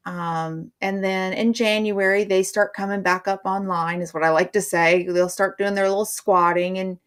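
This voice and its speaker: A woman's voice: mid-range voice, steady tone, moderate pace, clear, resonant tone. A middle-aged woman hosting a live stream, chatting casually and rambling in a friendly way.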